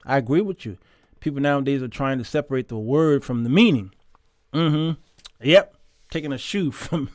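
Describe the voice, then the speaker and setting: A man's voice: mid-range voice, normal speed, dry recording, clean studio sound. A man hosting a Christian talk show, reading viewer comments and talking in an emphatic, conversational way, often repeating words.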